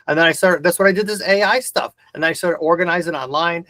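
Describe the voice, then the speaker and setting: A man's voice: a little high, fast talker, bright, forceful tone, no echo. A man hosting a video call discussion, talking intensely and ranting with heavy swearing. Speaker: host of the discussion.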